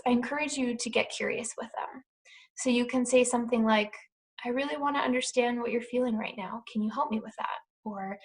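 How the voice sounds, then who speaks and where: Calm, clear American woman presenting. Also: fairly high pitch, rough recording. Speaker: clinician presenting a parent webinar. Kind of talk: pre-recorded educational talk.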